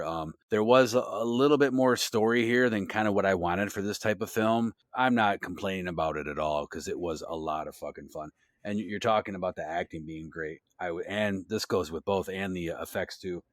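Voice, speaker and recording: Man, low voice, dry close-mic podcast read, excitable and profane, rambling. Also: brisk, no room sound. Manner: enthusiastic, swears freely, rambling asides. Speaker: podcast co-host. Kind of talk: casual podcast chat.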